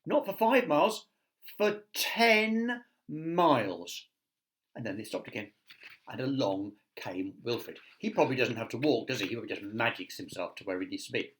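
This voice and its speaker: A man's voice: mid-range voice, very animated, moderate pace, fairly bright tone. A man, a teacher, reading a picture book aloud to children with chatty asides to his listeners.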